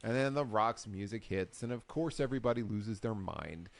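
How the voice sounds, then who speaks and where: A man co-hosting a casual recap show, telling the story with lively acted-out quotes. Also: lowish voice, normal speed, creaky, dry recording. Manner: animated storyteller, acts out quotes. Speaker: podcast co-host. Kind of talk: casual chat.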